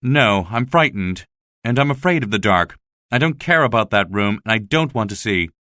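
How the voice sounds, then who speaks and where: A man's voice: on the low side, expressive, normal speed, pushed and bright, no room sound, clean studio sound. A man voicing a frightened young woman in a storybook reading, pushing his voice up and pleading. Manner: pleading, rising in alarm.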